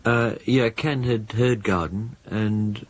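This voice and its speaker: An actor playing a deadpan low-voiced musician. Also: male voice, slow, low-quality recording. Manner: dry, matter-of-fact. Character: deadpan male pop musician being interviewed. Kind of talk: spoof radio interview.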